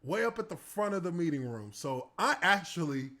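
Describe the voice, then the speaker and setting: A man's voice: fairly high pitch, expressive, normal speed, pushed and bright. A man in his thirties, a former pro football player, telling stories casually and animatedly, laughing and acting out scenes. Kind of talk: casual storytelling.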